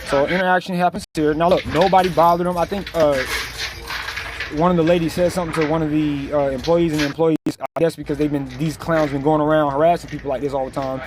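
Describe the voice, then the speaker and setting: A man's voice: fairly high pitch, fairly even intonation, quick pace, background noise. A man giving blunt, slangy, mocking reaction commentary over a video clip.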